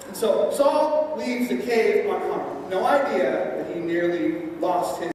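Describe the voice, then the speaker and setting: A woman's voice: medium pitch, expressive, slow, few pauses, a little mellow, slight background noise. A woman pastor preaching a sermon, telling a story in a conversational way with playful asides. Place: large church hall. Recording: echoey hall from far off.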